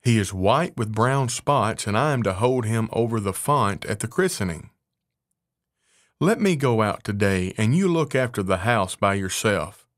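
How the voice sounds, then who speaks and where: A man voicing a sly, greedy female cat who coaxes smoothly. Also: on the low side, expressive, unhurried, dry recording, studio quality. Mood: coaxing.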